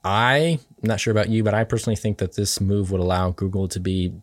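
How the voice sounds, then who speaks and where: A man co-hosting a casual tech news podcast, upbeat and quick to laugh as he walks through deals and news. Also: fairly low pitch, steady tone, dry recording, studio quality.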